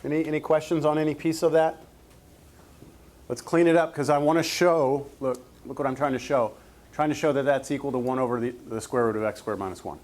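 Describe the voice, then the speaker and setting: A man's voice: medium pitch, steady tone, brisk, darkish tone. Man teaching calculus to a class. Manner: explains step by step, checks in with "right?". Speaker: math teacher. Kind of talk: classroom lecture.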